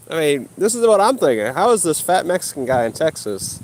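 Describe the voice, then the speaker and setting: A man's voice: fairly high pitch, very animated, brisk, slight background noise. A man in a heated live-stream rant, arguing with and insulting chat. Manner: combative, insulting, mocking.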